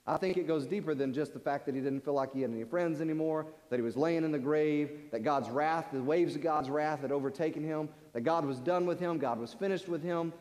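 A man's voice: a little high, a little fast, hardly any pauses, darkish tone. A man preaching a sermon in earnest, often repeating words as he presses a point. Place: large church sanctuary. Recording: long church-hall reverb.

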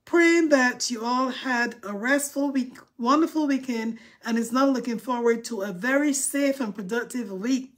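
A woman hosts a casual livestream with a slightly high-pitched voice. She chats freely, reads out viewer comments, and talks with informal dialect grammar. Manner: chatty, dramatic mock-crying over likes. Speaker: livestream host.

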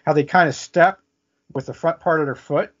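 A man's voice: fairly high pitch, normal speed, fairly bright tone. A man telling a vivid story as an interview guest, often checking in with "okay?". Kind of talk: casual storytelling. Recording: muffled lo-fi audio.

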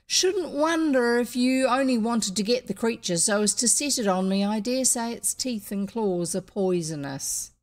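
A woman's voice: on the high side, lively intonation, normal speed, few pauses, pitched above the performer's own voice, lightly acted. A woman doing a stern, suspicious guard. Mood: wary. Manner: stern and wary. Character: suspicious gruff male palace guard.

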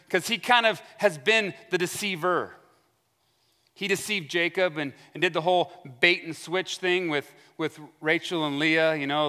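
A man's voice: fairly high pitch, bright, forceful tone, clean tone. A male pastor giving a conversational sermon in a church sanctuary, acting out the voices he quotes, heard with long hall reverb.

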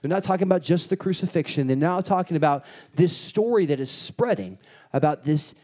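Animated man preaching a sermon. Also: fairly high pitch, fairly quick. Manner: animated storytelling, acting out quotes; rousing, emphatic. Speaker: pastor.

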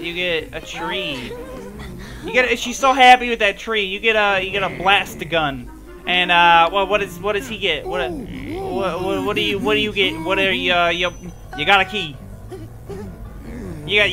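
A man giving playful, goofy commentary while he plays a superhero video game, stammering and laughing as he goes. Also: high voice. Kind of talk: playful let's-play commentary.

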